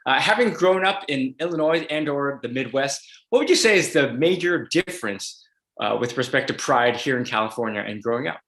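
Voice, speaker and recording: A man's voice: medium pitch, expressive, fairly quick, fairly bright tone, roomy sound. A man hosting a video interview as a legislator, upbeat and reading an introduction with some fillers. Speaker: host, state legislator.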